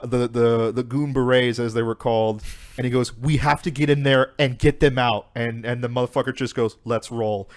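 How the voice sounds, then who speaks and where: A young man co-hosting a podcast, retelling a story in casual chat with lots of swearing and fillers. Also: mid-range voice. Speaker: podcast co-host.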